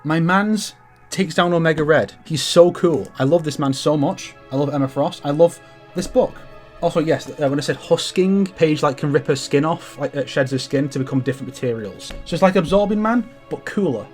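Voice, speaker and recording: Here a comics vlogger speaks at a moderate pace in a voice on the high side, with soft music in the background. The young man chats eagerly about his comic collection, cursing a lot and tripping over frequent restarts in a loose, rambling way.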